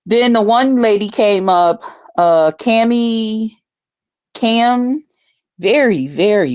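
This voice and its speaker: A woman's voice: on the high side, slow pace. Blunt, profane woman vlogger. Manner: blunt and heavily profane, with loud excited outbursts. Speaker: vlogger reviewing a livestream contest. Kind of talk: casual commentary.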